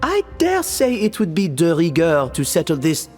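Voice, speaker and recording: An actor playing a flamboyant French restaurant host with a thick French accent, theatrical and grandiose, in game audio with long reverb. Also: male voice, on the high side, wildly swooping pitch, normal speed, over music.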